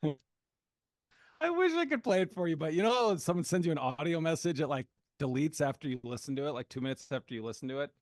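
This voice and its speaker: A man's voice: a little high, expressive, a little fast, a little mellow, no echo, clean studio sound. A man co-hosting a podcast, chatting casually and telling stories in a playful, laughing way. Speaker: podcast co-host. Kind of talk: casual chat.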